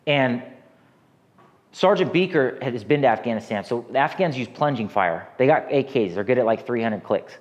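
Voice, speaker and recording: A man's voice: medium pitch, expressive, moderate pace, muffled recording. An American man in his thirties telling a rambling, profane war story as an interview guest, with many restarts. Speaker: guest, army veteran.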